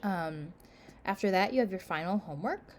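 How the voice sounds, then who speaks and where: A woman's voice: fairly low pitch, expressive, moderate pace, slight background noise. A woman instructor giving a class casual course announcements, full of "um" and "like", tired and yawning. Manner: casual, filler-heavy, frequent "um" and "like". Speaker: college instructor.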